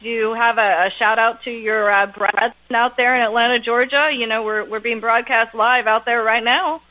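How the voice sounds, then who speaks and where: A woman hosts a live broadcast interview. She has a bright, sharp-edged voice and a bubbly manner, and she laughs easily as she puts her questions to the guest. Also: fairly high pitch, steady tone, moderate pace, low-quality recording. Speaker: host.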